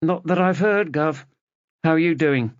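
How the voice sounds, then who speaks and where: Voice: medium pitch, a little slow, no room sound, lo-fi sound, pitched above the performer's own voice, natural voice. A man voicing a harried, brusque detective taking a call in the middle of a busy job.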